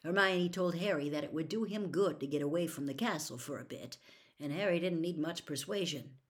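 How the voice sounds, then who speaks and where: A woman narrating an audiobook with expressive storytelling, at times dropping to a whisper. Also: deep voice, a little fast.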